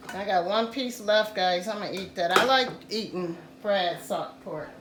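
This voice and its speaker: A woman hosting a casual home cooking tutorial, talking slowly and repeating "guys" to her viewers. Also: mid-range voice, roomy sound, very noisy. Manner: slow, repetitive, says "guys" often. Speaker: cooking channel host.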